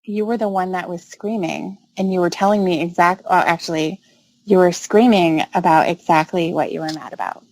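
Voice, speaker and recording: A woman's voice: on the low side, fairly even intonation, moderate pace, darkish tone, poor audio. Firm woman pushing back sharply. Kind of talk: heated argument.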